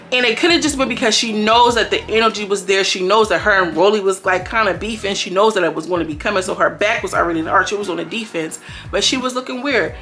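A young woman giving a casual recap of a reality show, animated and slangy, often slipping into voices for the people she quotes. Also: a little high. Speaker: reality TV reviewer.

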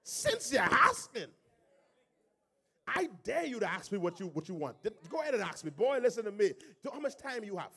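A male pastor with a Bahamian accent preaching a sermon in church, swelling into shouted, sing-song cadences. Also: high voice, very animated, quick pace, hardly any pauses, husky.

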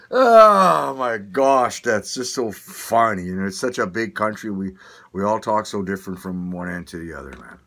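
Older man, Manitoba Canadian accent, low voice, rambling, profane, casual vlog rant. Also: sharp tone. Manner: rambling, swearing, laughing often, many restarts. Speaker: vlogger.

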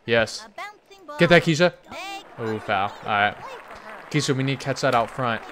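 A man giving excited game commentary as a gaming YouTuber, hyped and cheering players on by name. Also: medium pitch, normal speed, faint music behind, a faint crowd.

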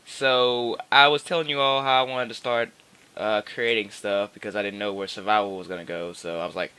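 A man's voice: on the low side, fairly even intonation, brisk, pushed and bright, clean tone. A man giving rambling, casual gameplay commentary into his own microphone, full of fillers and restarts. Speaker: gaming channel host. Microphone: personal microphone.

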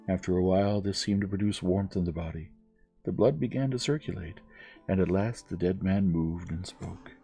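Man, bedtime story narrator, calm and measured, low creaky voice, faint music behind. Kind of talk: gentle bedtime story reading.

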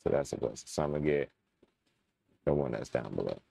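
A man's voice: very deep voice, expressive, quick pace, gravelly, dark tone, no room sound. A young man casually commenting while playing a game, chatting to his viewers and muttering when frustrated. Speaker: gaming channel host. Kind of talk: casual let's-play commentary.

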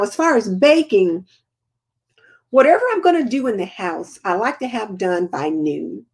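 A woman's voice: medium pitch, a little mellow. An older woman, chatting casually as host of a live homemaking Q&A and answering viewer comments.

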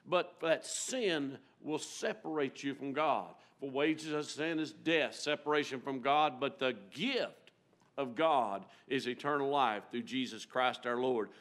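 A man preaching a storytelling sermon in a church, folksy and emotional, rising loud and dropping to a near-hush. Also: medium pitch, measured pace. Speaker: guest preacher. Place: church sanctuary.

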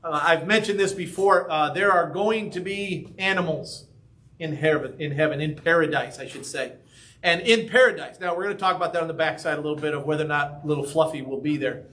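A man's voice: a little high, brisk, fairly bright tone. A man preaching a sermon as pastor, talking conversationally and often checking in with "right?" and "okay?". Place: church sanctuary.

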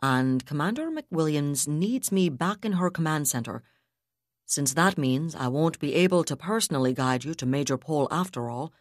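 A woman's voice: sits low, no room sound, clean studio sound. A woman voicing an apologetic young male officer who speaks politely.

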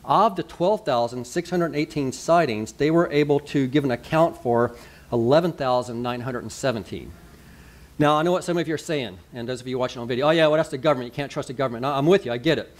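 A man's voice: mid-range voice, brisk. A man, a pastor giving a sermon in a chatty, conversational way, full of asides and rhetorical questions.

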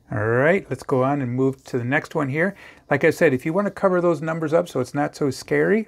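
A middle-aged man casually talking young viewers through a math lesson, chatty and playful. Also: fairly high pitch. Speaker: math teacher.

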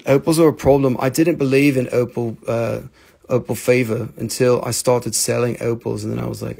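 An American man hosting a live sales stream, talking in an excitable, rambling way with casual swearing. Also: medium pitch, normal speed, gravelly. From United States.

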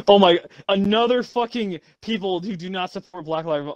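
A man's voice: sits high, dry recording, dull audio. A man reading game reviews aloud with friends over voice chat, laughing and incredulous. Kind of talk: casual voice-chat banter. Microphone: voice chat mic.

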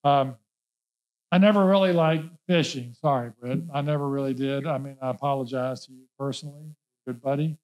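A man's voice: mid-range voice, fairly quick, a little mellow, poor audio. A male pastor preaching a sermon, emphatic and folksy, repeating key words and mixing in casual asides. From Norfolk, Virginia.

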